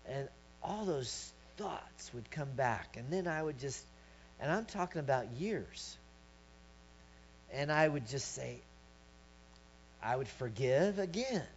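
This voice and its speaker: Man preaching, lo-fi hum. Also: medium pitch. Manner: storytelling, swelling to shouts when acting out his story. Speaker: pastor. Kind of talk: sermon. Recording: dull lo-fi recording with mains hum.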